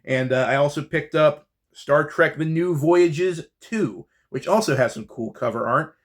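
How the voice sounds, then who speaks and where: A man's voice: a little high, measured pace. Enthusiastic chatty man showing books. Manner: enthusiastic, chatty, with fillers and restarts. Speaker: book channel host. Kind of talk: casual book haul vlog.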